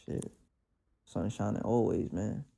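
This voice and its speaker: A man from the Bronx with a New York accent speaks in a lowish, gravelly, husky voice with a dark tone and a slow pace. A podcast host, he muses through a casual spiritual monologue at home with his cat, his talk slangy, reflective, and streetwise, packed with fillers.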